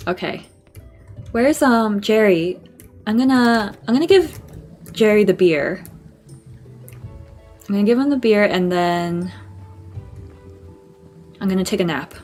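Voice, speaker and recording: A woman's voice: medium pitch, expressive, unhurried, pauses often, a little mellow, soft background music. A woman streaming a game, chatting casually, swearing and laughing at herself. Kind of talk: casual gameplay commentary.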